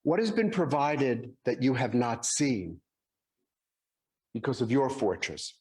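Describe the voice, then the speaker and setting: A man in his sixties giving a Sunday sermon, telling stories gently and acting out the dialogue in them. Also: mid-range voice, big pitch swings, slow pace. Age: 60s. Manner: gentle storytelling, acts out dialogue in quotes. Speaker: speaker at a Sunday service.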